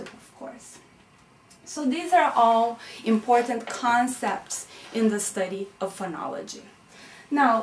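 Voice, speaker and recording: A woman lecturer explaining concepts patiently, often checking in with "okay?" and "right?". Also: medium pitch. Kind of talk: recorded classroom lecture. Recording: echoey room, mic at a distance.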